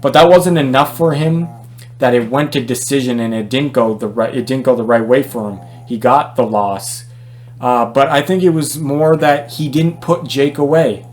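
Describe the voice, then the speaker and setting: Male boxing vlogger, mid-pitched, opinionated and chatty, stumbles and restarts a lot. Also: moderate pace, darkish tone. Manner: conversational, opinionated, many fillers and restarts. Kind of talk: casual opinion vlog.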